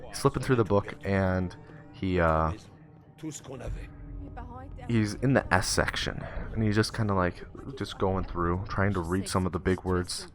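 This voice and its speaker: Young male streamer, low voice, rambling storyteller with filler words, squeaks for side characters. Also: unhurried. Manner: rambling with many fillers and restarts; acts out the kid and teacher in high squeaky voices. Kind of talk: casual storytelling while gaming.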